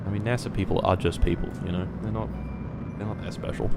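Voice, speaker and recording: A young man commentating his own live game stream, swinging between quiet muttering and loud swearing outbursts. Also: low-pitched, fairly even intonation, quick pace, very noisy.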